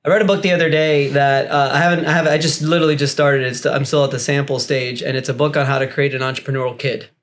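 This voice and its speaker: A man's voice: medium pitch, fairly even intonation, fast, few pauses. A man speaking as a podcast guest and business coach, talking candidly and at length with loose asides and the odd curse. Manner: candid and rambling, swears freely. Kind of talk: casual podcast chat.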